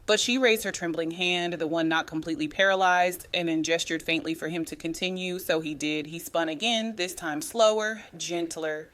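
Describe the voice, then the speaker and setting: A woman's voice: fairly low pitch, steady tone, moderate pace, hardly any pauses, a bit bright. A woman narrating a dramatic story aloud, reading with small stumbles and restarts.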